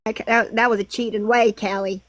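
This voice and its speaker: A woman's voice: on the high side, level tone, brisk. A woman in a casual livestream chat, joking, swearing freely and laughing often.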